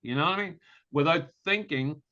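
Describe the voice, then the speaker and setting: A man tells a story in a podcast chat, bright and forceful, and he acts out every quote with a lively voice. His voice sits a bit high and comes through dull and lo-fi. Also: a little fast. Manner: animated, acts out quotes and laughs often. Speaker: podcast co-host. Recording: dull lo-fi sound.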